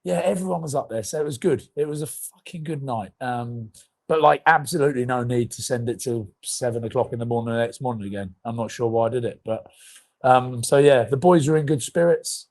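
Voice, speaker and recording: A man's voice: medium pitch, a little fast, a little mellow. A man in his thirties, a podcast co-host, telling rambling comic stories in casual chat and swearing freely.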